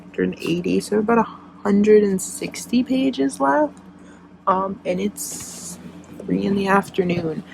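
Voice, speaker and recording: A woman's voice: medium pitch, animated, takes it slowly, creaky, darkish tone, slight background noise, low-quality recording. A young woman book vlogger chatting casually and emotionally about a book she is reading, full of fillers. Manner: gushing and emotional, with frequent fillers.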